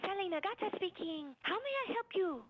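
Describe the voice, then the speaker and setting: Radio play receptionist, very high, sugary, dull lo-fi clip. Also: female voice, animated, a little fast, heavy background noise. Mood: chirpy. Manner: sugary, eager to please. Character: chirpy receptionist woman.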